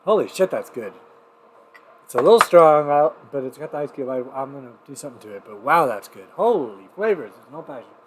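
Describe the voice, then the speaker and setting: A man hosting a livestream showcase, telling a rambling, profane story in casual chat and swinging between loud outbursts and muttered asides. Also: a little high, expressive, brisk, slight background noise. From New Mexico. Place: home.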